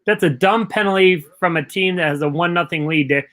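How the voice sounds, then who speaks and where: Bright-voiced, opinionated male co-host. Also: high-pitched, brisk. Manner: opinionated, chatty, frank. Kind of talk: casual live game commentary.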